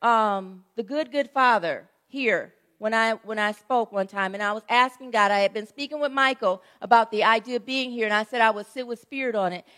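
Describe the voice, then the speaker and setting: A woman pastor in middle age preaches a sermon in a relaxed, storytelling manner. Her voice sits high and light, and she keeps checking in with the congregation as she goes. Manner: conversational storytelling preaching, frequent "right?" asides.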